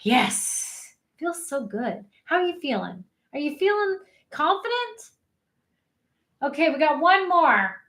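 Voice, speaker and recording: A woman life coach leading an energetic online session, cheering people through spoken affirmations. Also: sits high, slow, roomy sound. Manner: upbeat, encouraging, leads chanted affirmations. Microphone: webcam.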